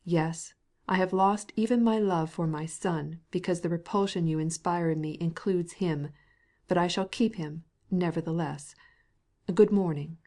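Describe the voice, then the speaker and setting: A woman's voice: measured pace, mellow. A woman voicing a stern, cold middle-aged husband with a piping voice who speaks angrily and stammers when upset. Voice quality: piping, high-strung.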